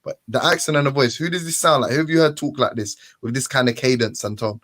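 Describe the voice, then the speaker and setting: A man hosting a casual group voice chat, animated and talking over others to get the floor. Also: medium pitch, fast talker, heavy background noise. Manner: animated, keeps cutting in with "hold on, listen". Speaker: host.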